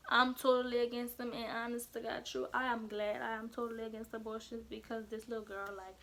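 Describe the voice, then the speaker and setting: A woman's voice: a little high, level tone, brisk, vocal fry, a bit bright. Chatty young woman telling a story. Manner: casual, chatty, fillers of "like" throughout. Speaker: vlogger. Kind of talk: storytime vlog.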